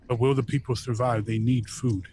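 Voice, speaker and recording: A man's voice: mid-range voice, flat delivery, normal speed, warm tone, a little hiss or hum. A man playing a tabletop game who makes blunt, short remarks. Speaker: player. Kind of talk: casual tabletop play.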